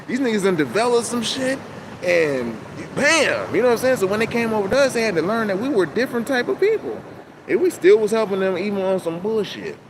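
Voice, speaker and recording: A man talking to camera in a casual, rambling monologue, animated and full of profane street slang, outdoors. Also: high-pitched, quick pace. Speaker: channel host. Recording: loud outdoor traffic noise.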